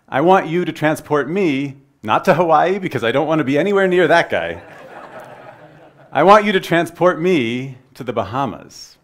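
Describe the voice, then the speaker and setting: A man's voice: fairly high pitch, lightly acted. A man doing a whiny, eager scrum master. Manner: eager, complaining.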